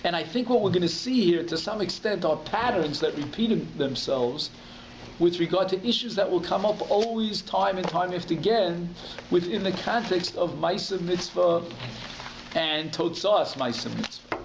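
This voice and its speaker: A man's voice: high-pitched, animated, moderate pace, vocal fry, echoey room, lo-fi sound, noisy background. A man, a rabbi giving a conversational Talmud class, explaining step by step and restating each term in plain English. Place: community synagogue hall.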